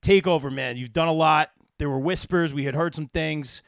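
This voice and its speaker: A man's voice: on the high side, moderate pace, gravelly, no echo, clean studio sound. A man hosting a live podcast interview, hyping his guests and reading out chat comments. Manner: excited, hypes guests, reads chat. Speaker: podcast host.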